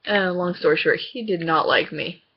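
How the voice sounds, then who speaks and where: A woman's voice: lowish voice, moderate pace, background noise. Teen girl, giggly storyteller, acts out quotes, muffled lo-fi recording. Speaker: co-host telling stories. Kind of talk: casual storytelling chat.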